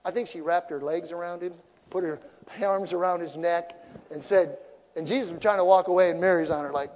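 A man preaching a sermon to his church as pastor, animated and joking between his points. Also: high-pitched, fairly quick. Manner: animated preaching with jokes and asides. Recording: long hall reverb.

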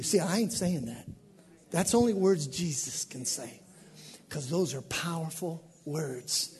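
A male pastor preaching a sermon in a church sanctuary, swinging from quiet asides to shouted bursts. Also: fairly high pitch, lively intonation, normal speed, long reverb tail.

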